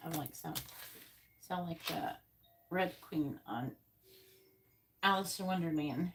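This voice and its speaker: A woman's voice: low voice, slow pace, pauses often, very noisy. A woman from Florida giving a live-stream tarot reading, chatting and thinking aloud between card pulls. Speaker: psychic reader.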